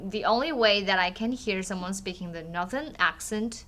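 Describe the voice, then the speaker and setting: A woman's voice: mid-range voice, moderate pace, fairly bright tone. A young woman from Yangzhou with a Chinese accent, a show guest who explains things earnestly with small restarts. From Yangzhou, China. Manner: earnest, explains carefully with some hesitant restarts. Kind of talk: casual chat.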